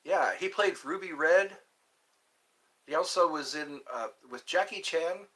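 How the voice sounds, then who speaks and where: A man chats casually on a livestream from his home, reading viewer comments and wandering through his answers to their questions. He talks a little slowly, with a fairly high pitch and a fairly bright tone.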